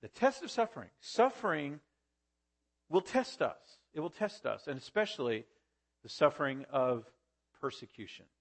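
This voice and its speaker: Man, pastor, sermon, emphatic delivery, fairly high pitch. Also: normal speed. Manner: emphatic preaching, rising to high excited peaks and dropping to quiet low stresses.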